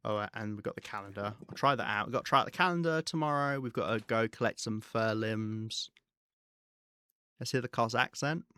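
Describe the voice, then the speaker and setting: A man giving live gameplay commentary, rambling and thinking aloud with hesitant pauses. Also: lowish voice, sharp tone, clear, resonant tone, dry recording. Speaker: game streamer.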